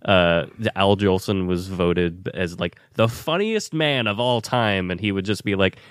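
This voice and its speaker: A man with a low voice chats excitably as a podcast co-host, swearing and stressing his points. His voice sounds dry and close to the mic. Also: unhurried, smooth, dry recording. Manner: excitable, profane, emphatic. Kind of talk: casual film discussion.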